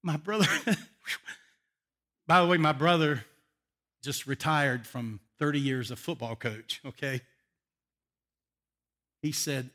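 An older male pastor preaching, telling personal stories with animated, emotional delivery. His voice is bright and forceful and sits somewhat high for a man. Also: slow, pauses often. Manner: animated, emotional storytelling with frequent laughs. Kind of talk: sermon with personal storytelling.

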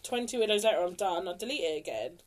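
A woman's voice: on the low side, animated, quick pace. A young woman co-hosting a casual podcast chat, telling stories and acting out what people said. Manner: chatty storyteller, acts out quotes. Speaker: podcast co-host.

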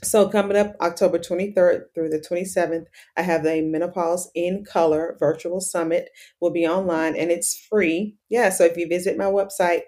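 A woman's voice: lowish voice, fairly even intonation, normal speed, hardly any pauses, dark tone. A middle-aged woman, a pharmacist and educator, explaining things earnestly in a casual interview with many fillers. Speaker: pharmacist and menopause educator, guest.

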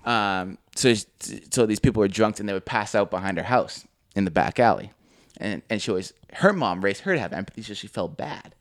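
A young man co-hosting a casual podcast, telling an animated story and swearing freely. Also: on the low side, fairly quick, dry recording. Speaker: podcast co-host.

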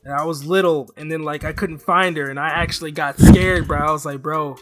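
A young man with a high, bright voice, talking in an animated, excitable way. He is chatting casually with friends, with faint music in the background. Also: brisk. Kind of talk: casual chat.

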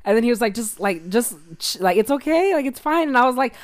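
A woman's voice: fairly high pitch, expressive, fast, no room sound. A young woman, co-hosting a casual chat and telling a swear-filled story while acting out the quotes. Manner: profane, storytelling, acts out quotes. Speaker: podcast co-host.

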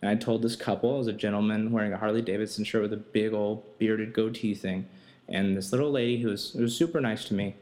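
A young man hosting a podcast, telling a casual, profane and animated story about his life and work. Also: on the low side, quick pace. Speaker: podcast host.

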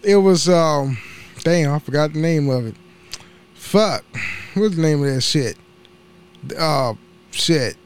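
A young man with a notably high voice talks through his solo podcast in loose, casual chat. He rambles from topic to topic, swears freely and laughs at his own slips of the tongue. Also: lively intonation, takes it slowly, pauses often, clear, resonant tone. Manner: rambling, profane, laughs at himself. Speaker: podcast host.

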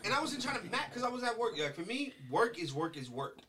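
Young new dude, casual chat, slangy, faint hiss behind. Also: male voice, extremely high pitch, fast. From New York. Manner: animated, slangy, tells stories with acted quotes.

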